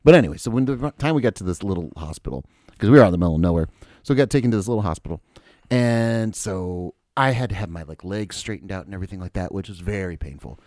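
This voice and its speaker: He's a fast-talking podcast host with a low voice, captured at studio quality without echo. His casual storytelling is lively, profane, and full of acted-out quotes.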